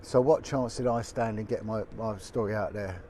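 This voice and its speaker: A man's voice: on the low side, brisk, darkish tone, slight background noise. A man, a former detective giving a blunt, indignant, colloquial video update. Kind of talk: impassioned direct-to-camera update.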